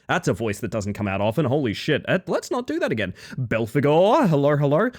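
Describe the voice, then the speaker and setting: A male streamer chats casually with his live audience in a playful, joking way. His pitch jumps around a lot as he greets people one by one. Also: very animated, a little fast, hardly any pauses, darkish tone. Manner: playful, greets chat one by one, jokey asides.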